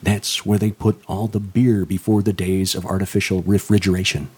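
A man with a slightly husky, breathy voice, chatting casually as a co-host. He stammers, repeats words as he restarts, and laughs easily. He is from the St. Louis area. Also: sits low, little pitch movement, moderate pace, darkish tone. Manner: stammers and restarts, chuckles often. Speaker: co-host and novelist. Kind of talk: casual chat.

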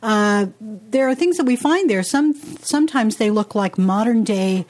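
A woman's voice: a little high, lively intonation, unhurried, a little mellow. A woman co-hosting a casual podcast chat, talking in a rambling, chatty way with asides and restarts. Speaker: podcast co-host.

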